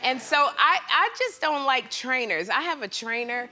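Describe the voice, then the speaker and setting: A woman guest-hosting a talk show, telling a comic story in an animated way and acting out the quotes herself. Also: high voice, moderate pace. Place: TV studio with live audience.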